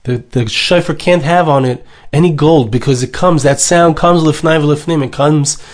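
A man's voice: fairly high pitch, normal speed. A man speaking as a rabbi, delivering an emotional sermon, emphatic and repetitive, with Hebrew terms woven in.

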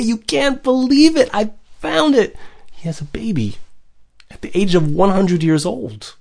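A man's voice: fairly high pitch, darkish tone. A man giving a Torah sermon, impassioned, repeating phrases and building to urgent questions. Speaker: rabbi giving a Torah talk.

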